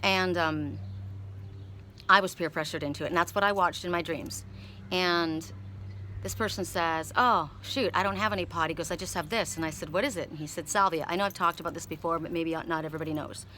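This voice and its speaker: A woman's voice: low-pitched, steady tone, brisk, bright, forceful tone, a little hiss or hum. A middle-aged woman who reads tarot cards, telling a personal story in a rambling, emotional way with many repeated words. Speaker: tarot card reader. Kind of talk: casual spoken storytelling.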